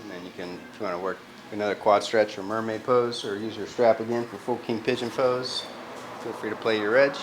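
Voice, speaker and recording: In an echoey yoga studio with faint background noise, a man with a lowish, steady voice leads a live class at a brisk pace. His cues are casual and loose, and he swears freely.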